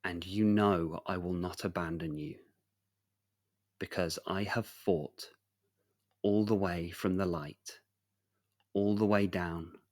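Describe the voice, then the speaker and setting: A man voicing a weary, gentle knight in a spoken story, talking in a calm, hushed and reassuring way. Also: deep voice, slow, pauses often.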